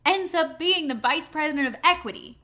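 Young woman, high and bright, animated storyteller, swears casually, self-deprecating co-host. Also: fairly quick. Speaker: podcast co-host, stage performer.

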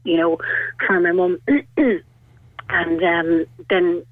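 A woman's voice: on the low side, steady tone, drawn-out words, no room sound. An Irish woman in her thirties rambles through a personal story, her talk full of little fillers. Her voice comes down a tinny, narrow phone line. The sound is dry and close. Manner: chatty and rambling, full of "like" and "you know". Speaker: radio caller. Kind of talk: telling a personal story on a call-in show.

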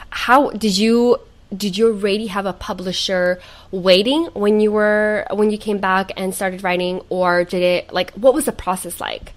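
A woman's voice: medium pitch, steady tone, measured pace. A young woman from Ukraine hosting a live online show, effusive and full of praise as she reads out viewer comments. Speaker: host.

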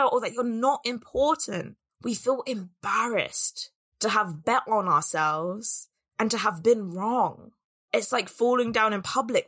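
Earnest female business coach, reflective solo talk, bright tone. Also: a little high. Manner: earnest and reflective, acts out inner doubts.

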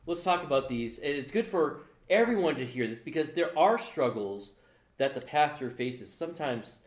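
A man's voice: fairly high pitch, lively intonation, normal speed. A man co-hosting a casual podcast, chatting and joking as he goes. He stops and restarts his sentences a lot. His voice bounces around a reverberant room. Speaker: podcast co-host. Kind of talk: casual chat.

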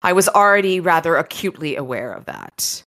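A woman reading the lines of a dry, calm male crime boss aloud from a novel, in a low, forceful voice. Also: exaggerated voice. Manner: dry and unhurried.

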